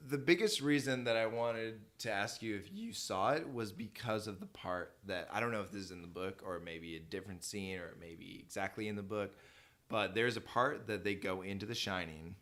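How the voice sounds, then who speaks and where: Male podcast guest, Minnesota accent, low-pitched, enthusiastic and profane. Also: moderate pace, a bit bright. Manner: enthusiastic, heavy swearing. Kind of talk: casual chat among friends.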